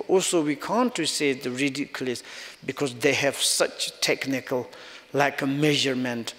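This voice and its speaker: Slow halting man with hall reverb. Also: medium pitch, a bit bright. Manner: slow, halting, searching for words. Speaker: Buddhist teacher. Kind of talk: dharma teaching in non-native English.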